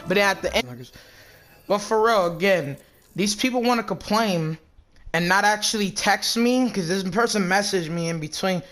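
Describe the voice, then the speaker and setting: A man's voice: sits high, a bit bright. A gaming YouTuber, a man, arguing heatedly in voice chat and then commenting, combative and repetitive, swearing often.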